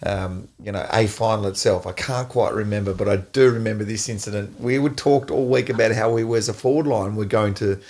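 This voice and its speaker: A middle-aged Australian man hosting a podcast, an animated storyteller who laughs often. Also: fairly low pitch, brisk, few pauses. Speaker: podcast host, former footballer. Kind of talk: casual storytelling chat.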